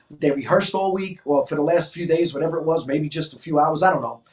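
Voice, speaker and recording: A man in his sixties from New York, a co-host telling stories in an animated way and acting out voices in casual chat. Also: fairly high pitch, fast, faint music behind. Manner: animated, acts out quoted voices. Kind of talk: casual storytelling. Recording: echoey room, mic at a distance.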